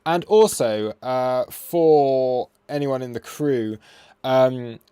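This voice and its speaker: A young man from the UK runs a live crypto trading stream, chatting loosely and joking at his own expense as he reads viewers' requests. His voice sits at an ordinary middle pitch. The sound is dry and close, with no room echo. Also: takes it slowly, mellow, clear, resonant tone. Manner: chatty and self-deprecating, reacting to chat. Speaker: crypto trading livestream host. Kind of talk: casual livestream chat.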